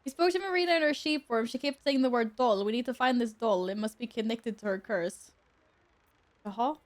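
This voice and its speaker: A woman's voice: fairly high pitch, a little fast. A young woman streamer giving casual gameplay commentary, chatty and easily amused, talking back to the game.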